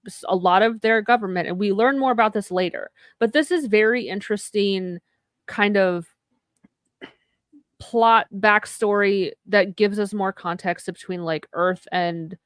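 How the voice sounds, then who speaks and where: A woman's voice: medium pitch, fairly even intonation, unhurried, no echo, studio quality. A woman co-hosting a podcast, casually recapping a TV episode and swearing offhandedly.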